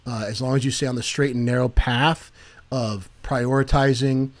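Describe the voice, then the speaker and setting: A man's voice: medium pitch, steady tone, moderate pace. A man in a mid-range voice co-hosting a Christian talk podcast. He jokes with rising energy, then turns earnest and preachy. He speaks casually to his co-host. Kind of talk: casual faith chat.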